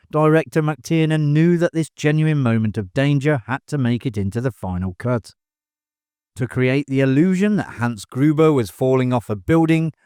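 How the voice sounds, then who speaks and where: A man narrating a movie trivia video in an even, measured scripted delivery. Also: medium pitch, smooth, no room sound, studio quality.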